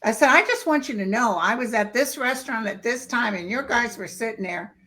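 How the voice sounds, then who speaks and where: A woman guest telling stories in casual chat, lively and acting out the voices of people she quotes. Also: fairly high pitch, fairly quick. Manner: lively storyteller who acts out quoted voices.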